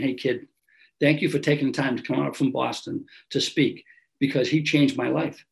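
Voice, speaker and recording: An older man shares his own story on a video call. His voice is gravelly, and his pitch sits in a middling range. He talks earnestly and repeats phrases for weight, often tagging on a quick "right?". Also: low-quality recording. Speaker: recovery meeting speaker. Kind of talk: personal testimony talk.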